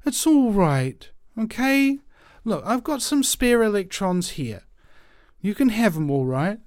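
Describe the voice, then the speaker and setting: A kind male helper, as a man plays him, soothes in a gentle, slightly raised voice. He speaks slowly and reassuringly. The sound is dry. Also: high voice, big pitch swings, no room sound, voice pushed up, exaggerated voice. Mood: soothing.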